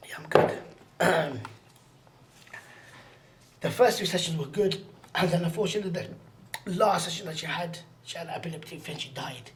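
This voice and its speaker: As a podcast guest, a man tells a personal story in an earnest, slangy way, repeating phrases for emphasis and often dropping to a hushed near-whisper. His voice is on the high side, at a normal speed with long pauses, and there's slight background noise.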